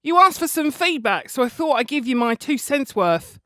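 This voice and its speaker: A man voicing a woman fan reading out her own message in a put-on accent, sing-song and bright. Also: extremely high pitch, big pitch swings, normal speed, dry recording, studio quality, voice pushed up, exaggerated voice. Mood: chirpy.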